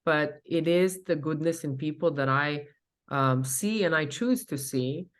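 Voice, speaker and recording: Woman, earnest guest. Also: low voice. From Bosnia. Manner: earnest, thoughtful, halting with fillers. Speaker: guest, professor. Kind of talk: casual interview talk.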